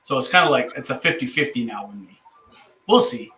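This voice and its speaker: A man from Michigan in casual chat, musing out loud in a chatty way. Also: medium pitch, animated, a little fast. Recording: echoey room with faint background noise.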